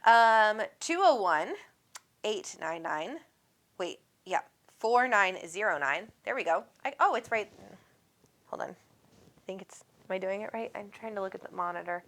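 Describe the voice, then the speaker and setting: A woman's voice: medium pitch, lively intonation, a little slow, a bit bright. A woman hosting a live call-in show, chatting casually in a bubbly, affectionate way and laughing often. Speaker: psychic medium show host. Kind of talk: casual live-stream chat.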